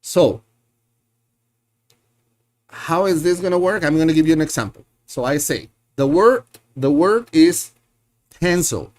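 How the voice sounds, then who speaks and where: A man's voice: a little high, expressive, unhurried, long pauses, darkish tone. A man teaching a live online Spanish lesson, patiently repeating words and drilling his learners, often correcting himself as he thinks aloud.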